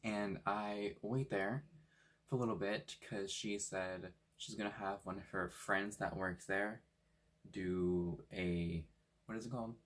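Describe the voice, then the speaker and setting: A young man from Washington State telling a story in a casual, animated way, swearing freely and acting out what people said. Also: fairly low pitch, slow pace. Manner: animated, swears a lot, acts out quotes. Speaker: vlogger.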